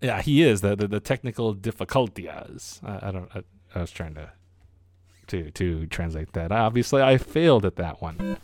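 A man's voice: low voice, lively intonation, normal speed, darkish tone. A man hosting a casual podcast chat over beers, upbeat and full of fillers. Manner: upbeat, filler-heavy host patter. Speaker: podcast host.

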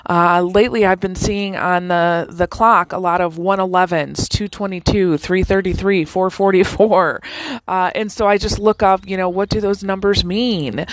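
A woman hosting a casual spiritual talk, chatty and animated, with many fillers and restarts. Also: mid-range voice, low-quality recording. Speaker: podcast host.

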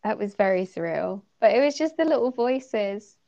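A woman's voice: mid-range voice, animated, normal speed, creaky, warm tone. A young woman co-hosting a podcast, chatting casually about a story she enjoyed, giggling often and leaning on fillers. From United Kingdom. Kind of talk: casual chat reviewing a story. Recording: slightly muffled lo-fi recording.

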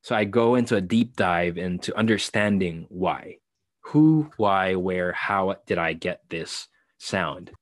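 Low-pitched and animated but slow-paced, this young Filipino actor speaks accented English as an interview guest. He's thoughtful and conversational, expanding on ideas and occasionally backtracking to fix his wording. The recording is studio quality with no room sound.

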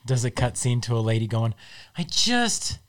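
A man's voice: mid-range voice, big pitch swings, normal speed, a bit bright. Casting: male podcast co-host, easygoing storyteller, chuckles through his retellings. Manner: retells cartoon scenes, laughing at own jokes. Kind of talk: casual chat.

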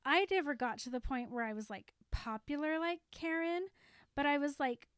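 A woman in her thirties, an animated podcast co-host who laughs easily while casually recapping a show. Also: high voice, moderate pace, no room sound, clean studio sound. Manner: animated storyteller, laughs often.

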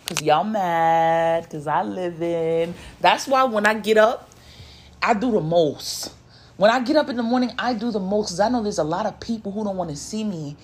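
A woman's voice: on the low side, slightly rough. A woman who gives spiritual readings, ranting bluntly to her followers and swearing constantly. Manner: blunt, profane and emphatic. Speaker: spiritual content creator and card reader. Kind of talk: unscripted rant to followers.

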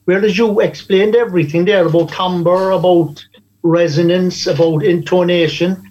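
High-voiced man giving feedback. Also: steady tone, moderate pace, darkish tone, dull audio. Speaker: speaking club member giving feedback. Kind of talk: casual feedback.

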